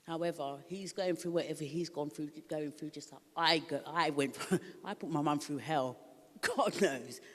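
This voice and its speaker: A woman's voice: low voice, normal speed, long reverb tail. A middle-aged woman from Africa, giving a candid, emotional personal testimony at a recovery ministry, laughing often.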